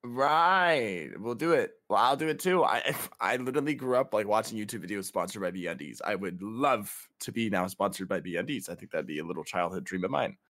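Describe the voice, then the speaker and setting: A man's voice: on the low side, lively intonation, a little fast, few pauses, a bit bright, dry recording. A young man co-hosting a casual podcast, playful and laughing, with mock self-pity. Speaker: podcast co-host.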